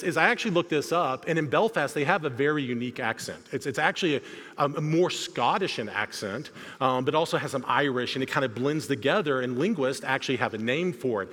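A man preaching in a large church sanctuary, his voice trailing off into a long hall reverb. He talks in a relaxed, conversational way, stumbling over words and restarting his sentences. His pitch sits in the middle range. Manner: conversational, self-deprecating storytelling with frequent restarts. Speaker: guest preacher. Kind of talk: sermon.

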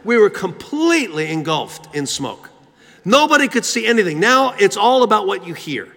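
Male preacher, sermon, storytelling, gravelly voice, long hall reverb. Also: high voice, sing-song, moderate pace, pushed and bright. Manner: storytelling, rhythmic repetition.

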